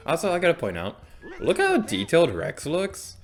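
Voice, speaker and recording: A man's voice: on the high side, wildly swooping pitch, moderate pace, faint music behind. A young man hosting a let's play, rambling casually and self-deprecatingly about the game as he plays. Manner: chatty, rambling, self-deprecating, sudden loud outbursts. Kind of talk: casual gameplay commentary.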